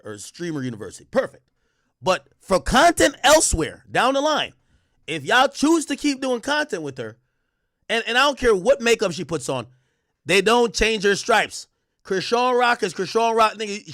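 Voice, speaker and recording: A man talks straight to his chat in blunt, animated bursts, swearing as he goes. His voice sits fairly high for a man. The sound is dry and close, with no room around it. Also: no room sound. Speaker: streamer host. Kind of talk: casual livestream commentary.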